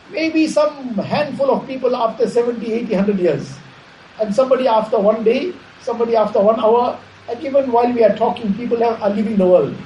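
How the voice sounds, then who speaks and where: A man giving a measured Islamic sermon, repeating phrases and explaining Arabic terms. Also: extremely high pitch, mellow, a little hiss or hum. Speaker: Islamic preacher. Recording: echoey room, faint ambience.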